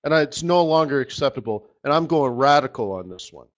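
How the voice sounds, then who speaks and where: A man hosting a live currency trading session, giving a rambling, animated motivational talk to his viewers. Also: mid-range voice, brisk, lo-fi sound. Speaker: forex market strategist hosting a live session.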